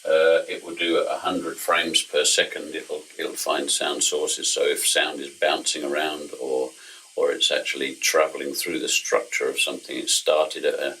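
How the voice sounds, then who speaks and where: A man's voice: little pitch movement, normal speed, sharp tone, slight background noise, low-quality recording. A man giving a casual, chatty product demonstration with small self-deprecating jokes, his voice picked up by a camera mic a little way off as he moves around. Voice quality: very deep, gravelly and husky. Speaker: product distributor presenting equipment.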